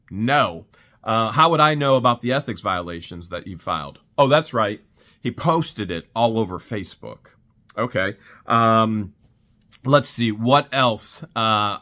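A man's voice: fairly low pitch, sharp tone. A man recapping events in a casual vlog, telling the story animatedly with laughs and exclamations. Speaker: channel host.

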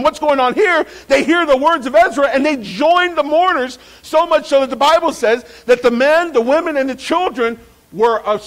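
High-voiced pastor preaching a sermon. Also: male voice, poor audio. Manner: lively preaching with repeated phrases and restarts.

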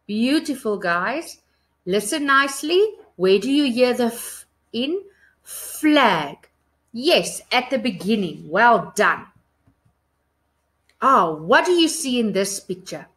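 A woman teaching a phonics lesson to small children, with a slow, sing-song, encouraging teacher's way of talking. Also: a little high, a bit bright. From South Africa. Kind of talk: recorded online lesson for young children.

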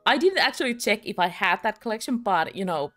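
Streaming a game and talking with viewers, a young British woman giggles often and jokes at her own expense. Her voice is medium-pitched and a bit bright.

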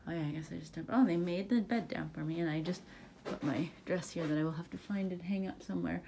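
Young woman vlogging, halting and emotional. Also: fairly low pitch, creaky, a little hiss or hum. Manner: emotional, halting, many restarts; tired, quiet late-night talk. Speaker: vlogger, bride-to-be. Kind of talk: casual vlog talk to camera.

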